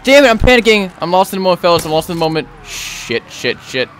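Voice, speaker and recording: A young man giving gameplay commentary as a gaming YouTuber, excitable and slangy, often yelling in panic. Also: high-pitched, racing, slight background noise.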